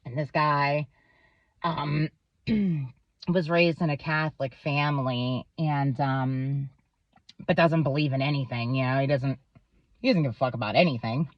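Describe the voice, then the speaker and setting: A woman's voice: low voice, steady tone, measured pace, no echo, lo-fi sound. A woman vlogger in a rambling, profane monologue to camera, full of fillers. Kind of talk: casual ranting monologue to camera.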